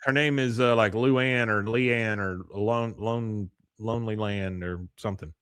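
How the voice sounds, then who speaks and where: A man's voice: on the low side, steady tone, unhurried, a bit bright, clear, resonant tone, no room sound, clean studio sound. A man co-hosting a podcast, casually recapping a cartoon episode in a rambling way, often laughing and acting out the characters' lines. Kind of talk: casual chat.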